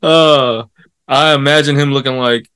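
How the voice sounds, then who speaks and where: A man's voice: medium pitch, steady tone, unhurried, sharp tone, clear, resonant tone. A man co-hosting a podcast in laid-back casual chat, mostly giving brief reactions. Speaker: podcast co-host.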